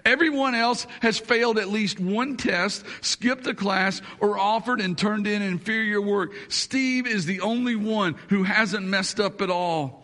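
A preacher voicing a steady stern professor. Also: male voice, high voice, measured pace, few pauses, pitched above the performer's own voice. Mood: firm. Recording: long hall reverb.

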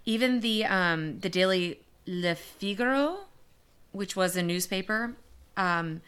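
Bright, clear-voiced young woman podcaster. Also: mid-range voice, slow. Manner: chatty, swearing, many fillers. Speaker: podcast co-host telling a disaster story. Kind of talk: casual chat.

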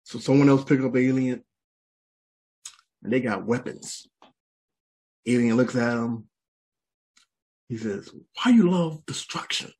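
A man doing stand-up comedy, animated and repetitive, talking straight to the audience. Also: mid-range voice, unhurried, long pauses, slightly rough. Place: comedy stage. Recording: live show, faint crowd and noise.

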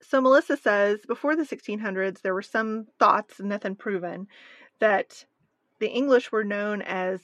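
A woman's voice: medium pitch, normal speed, fairly bright tone, no room sound. A woman co-hosting a podcast in casual chat, wry and joking as she works through her notes. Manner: wry, reads from notes, dry jokes. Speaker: podcast co-host.

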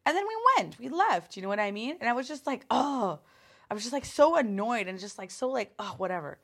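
A woman hosting her own podcast, telling a personal story in a casual, animated way, with lots of swearing, fillers and restarts. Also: fairly high pitch, a little fast. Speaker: podcast host.

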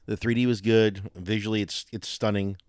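A man co-hosting a casual podcast, rambling and animated with lots of fillers. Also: lowish voice, normal speed, smooth, no echo, clean studio sound. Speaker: podcast co-host. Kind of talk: casual chat.

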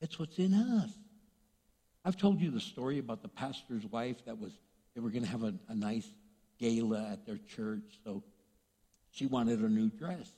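A male pastor preaching a sermon, animated, asking rhetorical questions and acting out voices. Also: medium pitch, normal speed, husky, big-room sound.

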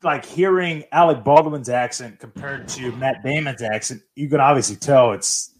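A man from Texas hosting a casual stream chat, relaxed and rambling, with casual swearing. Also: medium pitch, moderate pace, a little hiss or hum. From Austin, Texas. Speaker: host.

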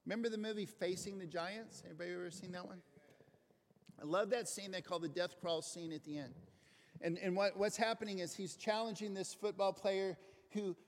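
A man preaching a conversational, earnest sermon in a church. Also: high voice. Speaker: pastor. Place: church sanctuary. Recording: echoing hall, faint noise.

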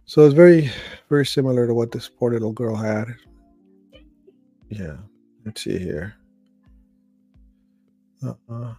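Host, middle-aged man, dark gravelly voice, dry close mic, casual read-aloud with asides. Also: medium pitch, measured pace, long pauses, no echo, faint music behind. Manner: reads aloud with slips and restarts, adds asides. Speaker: host reading and reacting to stories.

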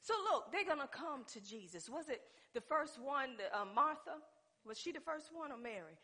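A woman preaching with a high, bright, ringing voice. She swings from loud exclamations down to hushed, low passages, and she calls out to the congregation as she goes. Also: lively intonation, normal speed. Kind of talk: sermon.

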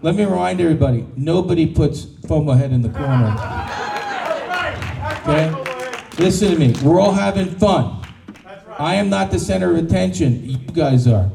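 A man emceeing a live pitch event, jovial and reassuring, telling the audience to relax and have fun. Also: lively intonation, moderate pace, vocal fry, a crowd in the background. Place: large event room in Austin. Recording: echoey room, mic at a distance.

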